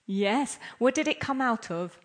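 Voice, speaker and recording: A woman's voice: a little high, lively intonation, unhurried. A woman giving an interactive scripture class, playful and laughing often as she quizzes her listeners. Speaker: class speaker.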